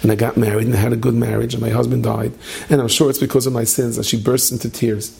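A man's voice: mid-range voice, flat delivery, quick pace, gravelly, darkish tone, slightly rough. A man giving a sermon, telling stories and acting out their voices, mixing in Hebrew and Yiddish terms. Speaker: rabbi.

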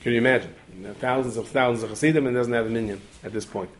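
A man preaching in a quick, tumbling rush, stacking asides and restarting his phrases as the story runs on. His pitch sits in an ordinary middle range. A faint hiss of background noise sits under the voice. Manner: rapid, digressive, with repeated restarts and asides. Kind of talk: storytelling sermon.

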